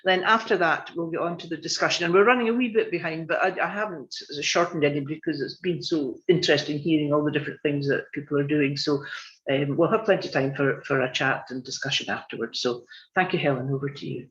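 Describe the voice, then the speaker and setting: A man chairing an online meeting, thanking a speaker and introducing the next one in a friendly, unhurried way. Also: on the high side, a bit bright. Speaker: session chair. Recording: dull muffled audio.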